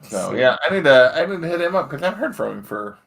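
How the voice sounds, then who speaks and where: A man who is a guest on a casual live stream, talking in an animated way and quick to laugh. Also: mid-range voice, gravelly.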